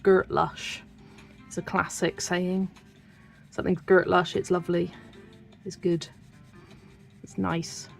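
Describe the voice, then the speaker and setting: Faint music plays behind a young British woman who runs a colouring channel, her British accent coming through as she colours on a livestream, giggles, chats casually and reads viewer comments. Her voice is lowish and flat, a little slow, with vocal fry and frequent pauses.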